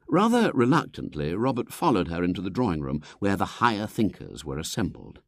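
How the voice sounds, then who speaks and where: Narrator for a comic storybook: animated, swooping delivery, dead-dry booth sound. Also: fairly quick, few pauses, dry recording. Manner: lively, very expressive reading with wide pitch swings. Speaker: audiobook narrator. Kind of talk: storybook reading.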